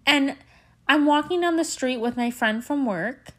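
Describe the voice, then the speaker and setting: A woman's voice: high voice, a little slow. A young woman host in a put-on mock Southern accent, telling a profane, exasperated comedic story on a solo podcast. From Canada.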